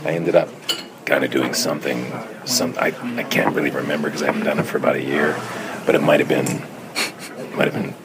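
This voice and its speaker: Deep-voiced man, dry deadpan humor. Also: a little fast, creaky. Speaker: voice actor being interviewed. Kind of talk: press junket interview. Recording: crowded noisy press room.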